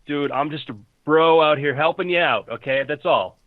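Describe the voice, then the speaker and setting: A man's voice: fairly high pitch, normal speed, no echo, phone-quality sound, voice pushed up, natural voice. A man voicing a laid-back young male jungle loner with easygoing, placating bro talk.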